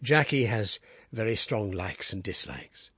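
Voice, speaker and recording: A man doing a low, weary worried father. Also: animated, unhurried, a bit bright, slightly rough, no echo, heavily acted. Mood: tender. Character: worried, tender middle-aged father. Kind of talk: audiobook character reading.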